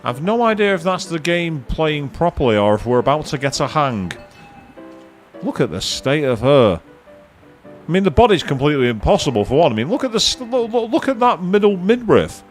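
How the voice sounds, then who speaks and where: A man's voice: on the high side, big pitch swings, normal speed, soft background music. A man giving casual live commentary on a video game, chatting to viewers and swearing now and then. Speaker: let's play streamer.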